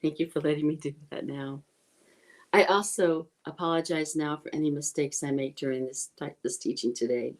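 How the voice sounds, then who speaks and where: A woman sharing an informal online dharma talk on a teacher's life, earnest and apologetic, pausing to chant a refuge prayer slowly. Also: deep voice, fairly even intonation, rough recording. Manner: earnest, apologetic, self-correcting.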